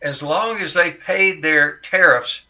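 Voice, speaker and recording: A man's voice: fairly high pitch, slow pace, pushed and bright. An older man from Tennessee, a guest in an interview, answering in a folksy, wry storytelling way. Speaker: guest, historic site caretaker.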